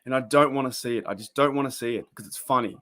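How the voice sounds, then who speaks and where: On a live sports reaction stream, an Australian man chats and rambles casually, now and then erupting with excitement over the action. His pitch is medium and his pace quick.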